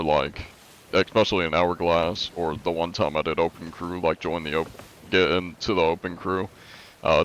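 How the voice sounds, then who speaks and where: Young male streamer, deep and congested, laid-back rambling chat, lo-fi audio. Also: a bit bright, clear, resonant tone. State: congested from allergies. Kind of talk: casual live-stream chat.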